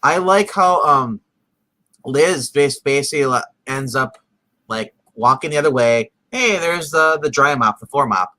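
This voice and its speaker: Casual male podcaster, bright tone, rambly recap full of "you know" and quick voiced-out quotes. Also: mid-range voice, no echo, low-quality recording. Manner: rambling, filler-heavy, acts out characters' lines in animated bursts. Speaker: podcast co-host recapping a TV episode. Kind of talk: casual chat.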